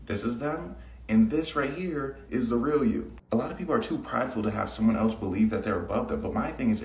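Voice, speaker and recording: A man's voice: lowish voice, a little mellow, echoey room, a little hiss or hum. A young man talking in a blunt, slangy, matter-of-fact way. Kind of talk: casual monologue on dating tactics.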